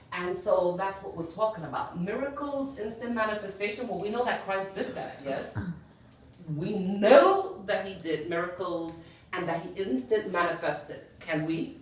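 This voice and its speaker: A woman's voice: fairly low pitch, a little hiss or hum. A woman giving a spiritual lecture to a group, earnest, often checking in with "yes?" and "you know". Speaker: spiritual teacher. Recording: very echoey room, far from the mic.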